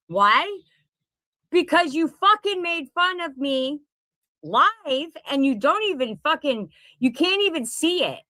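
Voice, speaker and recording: A woman's voice: high-pitched, very animated, slow pace, bright, forceful tone, dry recording. A middle-aged woman and content creator delivering a profane, confrontational rant straight to the camera, repeating her points. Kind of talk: angry direct-to-camera rant. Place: at home in Pennsylvania.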